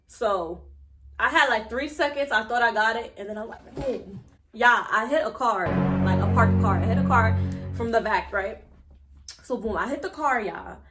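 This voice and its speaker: A young woman from New telling a story to her viewers in a chatty, animated way, full of fillers. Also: mid-range voice. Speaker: vlogger. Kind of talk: casual storytime to camera.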